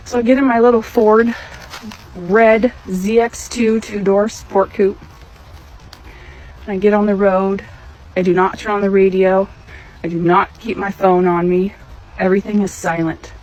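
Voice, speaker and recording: A woman's voice: mid-range voice, moderate pace, poor audio. Emphatic woman telling her testimony. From Missouri. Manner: emphatic and animated. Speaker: storyteller sharing a testimony. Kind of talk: personal testimony storytelling.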